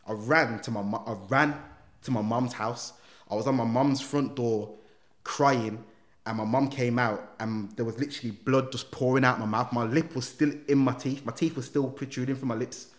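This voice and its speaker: A man, a guest in a podcast interview, telling his life story in street slang with lively quoted dialogue. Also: mid-range voice, moderate pace. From England. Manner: street slang, animated retelling with acted quotes. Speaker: guest, reformed gang member.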